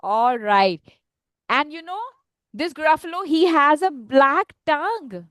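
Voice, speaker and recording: A woman's voice: high voice, animated, takes it slowly, fairly bright tone, dry recording. A middle-aged woman telling a story to children, playful and asking them questions. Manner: playful, voices many characters, asks children questions.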